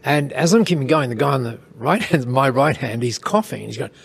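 A man telling a casual anecdote in an interview, lively, with chuckles and quick asides. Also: mid-range voice, creaky, slightly rough. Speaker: interview guest, storyteller.

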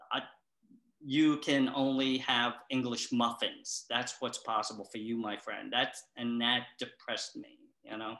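A middle-aged man telling comic stories to a therapist in a rambling, halting way, full of restarts and deadpan asides. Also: mid-range voice, roomy sound. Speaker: patient in a comedy sketch.

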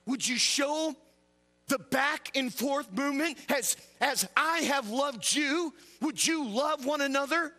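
In a church, a male evangelist preaches a revival sermon at a slow pace, calling out questions to the congregation in call-and-response fashion. He swings between loud exclamations and quiet, low asides.

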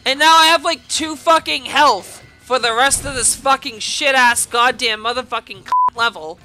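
A woman hosting a gaming video, giving loud, furious gameplay commentary full of swearing. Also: sits high, normal speed, few pauses, soft background music.

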